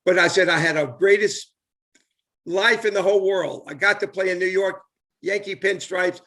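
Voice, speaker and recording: A man's voice: sits high, moderate pace, bright, forceful tone. A man, hosting a casual live video chat and rambling enthusiastically with lots of fillers and repeats. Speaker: host, former baseball player.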